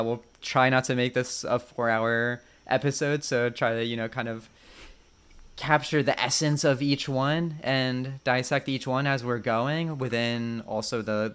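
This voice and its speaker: Man telling dry deadpan jokes. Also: medium pitch, clear, resonant tone. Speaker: podcast co-host. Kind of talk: casual film-discussion chat.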